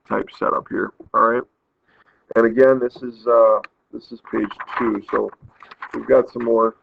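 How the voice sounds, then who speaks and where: A man's voice: on the low side, vocal fry, no echo. A man teaching a math lesson, patiently explaining step by step and counting aloud. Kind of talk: recorded math lesson walkthrough. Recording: tinny phone-like audio, dry.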